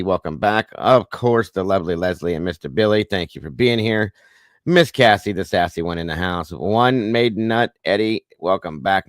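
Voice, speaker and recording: A man's voice: sits low, dry recording, studio quality. A man hosting a casual livestream chat, goofy and corny, greeting viewers by name. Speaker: livestream host.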